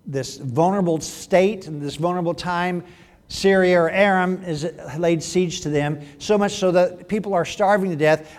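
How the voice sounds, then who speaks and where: A male pastor preaching a sermon in a conversational way, with joking asides to the congregation. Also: a little high. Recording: long hall reverb.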